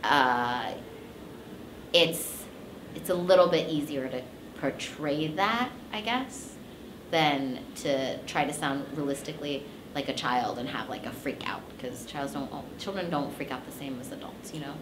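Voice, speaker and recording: A woman's voice: low voice, a little slow, noisy background. A woman voice actress being interviewed, telling stories casually with lots of fillers and laughing asides. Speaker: voice actress guest. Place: convention interview room. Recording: echoey room.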